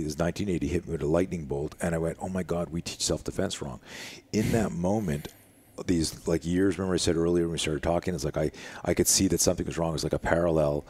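His voice sits low with a breathy edge, moving at a quick pace with few pauses. The middle-aged man, a self-defense instructor, is animatedly telling a story in a living room during casual conversation, imitating the voices of those he quotes.

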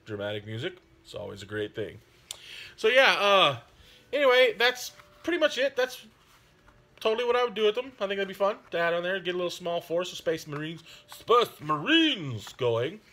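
A man's voice: high-pitched, big pitch swings, normal speed, pushed and bright. A man hosting his hobby channel, chatting in a rambling, friendly way with many fillers. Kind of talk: casual chat.

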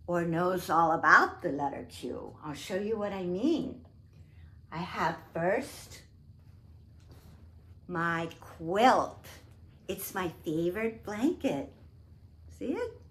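Hosting a toddler storytime, a woman speaks slowly in a mid-range, sing-song voice, stretching and exaggerating her words for small children.

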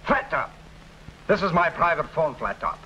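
A man's voice: on the high side, sing-song, normal speed, pushed and bright, slight background noise. A man playing a nervous, blustering syndicate boss in a 1940s radio drama, on a dull old recording. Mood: tense. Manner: blustering then pleading.

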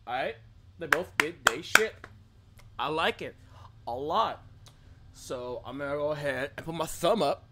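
A man's voice: on the high side, lively intonation, moderate pace, bright, forceful tone. A man hosting a reaction video, who talks in a playful, joking way and cheers along with short interjections. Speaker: reaction channel host. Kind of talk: casual reaction commentary.

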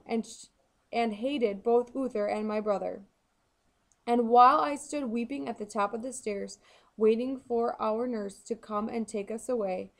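A woman narrating a novel in the first person in a measured, reflective way. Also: on the high side. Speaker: audiobook reader.

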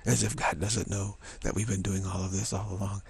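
A man's voice: fairly low pitch, little pitch movement, a little fast, gravelly, slightly rough. A man giving an informal spiritual talk, rambling and laughing as he acts out imagined voices. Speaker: spiritual teacher.

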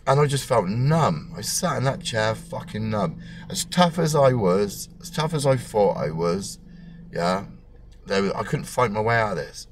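Casting: bloke, thirties, very low voice, blunt and sweary, plays out the dialogue himself. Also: male voice, moderate pace, slight background noise. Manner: animated, acts out dialogue with big pitch jumps. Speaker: storyteller. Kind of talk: personal storytelling to camera.

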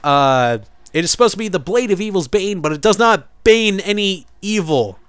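A man's voice: sits high, animated, moderate pace, a bit bright, clean tone, no echo. A man commentating a game playthrough in a joking, sarcastic way, swearing freely. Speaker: let's player.

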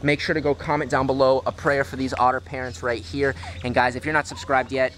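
A man of ordinary pitch talks straight to the camera, sorrowful and earnest as he calls his viewers "guys." He stands outdoors at an animal enclosure, with faint noise behind him. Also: flat delivery, brisk, a bit bright. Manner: saddened, addresses viewers as guys. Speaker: zoo owner and vlogger.

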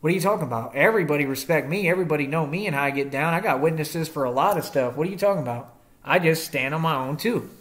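A man's voice: on the high side, quick pace, a bit bright. A young man in a confrontational rant to the camera, defiant and combative, using slangy street talk and rhetorical questions. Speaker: vlogger.

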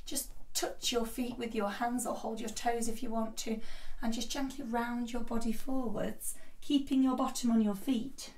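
A woman guides children through a yoga class, gentle and encouraging, with a slightly high voice. She sounds set back from the mic in an echoey room. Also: steady tone, moderate pace, far from the mic.

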